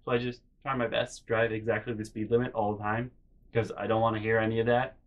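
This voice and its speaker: A young man telling comedic personal stories in a rambling, animated way, with loud acted-out outbursts. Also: fairly low pitch, fast, muffled recording. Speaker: storytelling vlogger.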